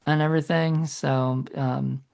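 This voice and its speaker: A man's voice: a little high, little pitch movement, a little slow, creaky, a little mellow. A man co-hosting a podcast in casual chat, rambling and correcting himself as he goes. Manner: rambling, self-correcting, trails off. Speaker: podcast co-host.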